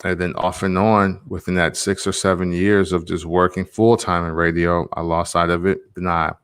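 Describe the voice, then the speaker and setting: Guy with a real low voice just talking it out, rambling, lots of "you know what i'm saying" type slang. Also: little pitch movement, normal speed, a bit bright, smooth. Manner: rambling, loose, full of slang asides. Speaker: songwriter and podcaster. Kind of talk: reflective casual monologue.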